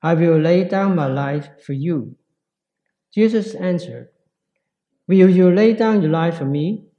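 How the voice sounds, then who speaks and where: A man preaching a sermon in a slow, reflective way with pauses. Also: on the high side, muffled recording.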